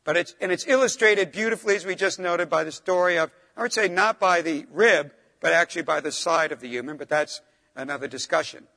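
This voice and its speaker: A middle-aged man preaches with a high, bright voice that carries through a large reverberant hall. He pushes up hard on stressed words, then drops low and soft for asides. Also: a little fast, vocal fry. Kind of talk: sermon.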